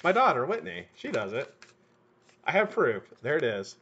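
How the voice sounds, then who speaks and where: A middle-aged man hosting a live stream, telling a profane, animated story while he works. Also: medium pitch, normal speed, breathy edge. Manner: animated, profane, laughs at his own story. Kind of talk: casual storytelling while building coils. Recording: dull lo-fi stream audio.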